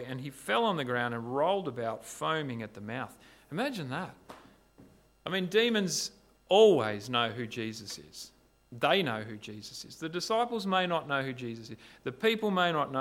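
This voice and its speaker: A man preaching a sermon, retelling a story in an animated way and asking rhetorical questions. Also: fairly high pitch. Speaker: pastor.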